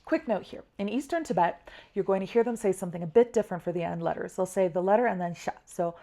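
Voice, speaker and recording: A woman teaching a language lesson, walking through spelling slowly step by step and repeating each example. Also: mid-range voice, warm tone. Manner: patient, slow step-by-step spelling drills.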